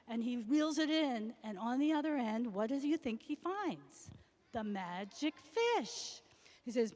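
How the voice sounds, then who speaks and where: A woman telling a fairy tale aloud to children, animated and acting out the characters. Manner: animated, voices the characters with big pitch jumps. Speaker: storyteller for children. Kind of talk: oral storytelling to children. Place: school hall. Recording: long hall reverb.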